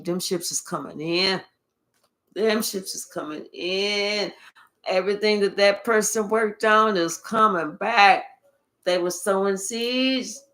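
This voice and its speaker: A woman giving a casual channeled reading, swearing often and telling playful, animated stories. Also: mid-range voice. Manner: profane, playful, animated storytelling. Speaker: spiritual tarot reader.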